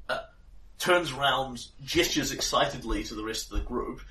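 A man's voice: medium pitch, normal speed, bright, forceful tone, a little hiss or hum. A man running a tabletop game as game master, narrating loosely with frequent fillers. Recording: roomy sound, mic at a distance.

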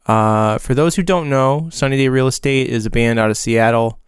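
In a relaxed podcast conversation, a fortyish man spins a meandering story full of fillers, pausing and starting over as he goes. His medium-pitched voice is smooth and clear at a moderate pace, captured close and dry without any room sound.

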